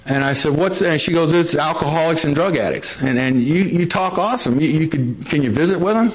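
A man's voice: a little high, brisk, few pauses. A man telling his recovery story to a meeting, a folksy storyteller who acts out the quotes. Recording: dull lo-fi recording.

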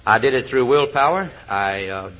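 A man's voice: medium pitch, animated, normal speed. An older man giving a personal testimony at a recovery meeting, telling stories in a folksy way with chuckles and hesitant fillers. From South Georgia, US. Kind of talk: personal testimony talk with jokes. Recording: dull old lo-fi recording.

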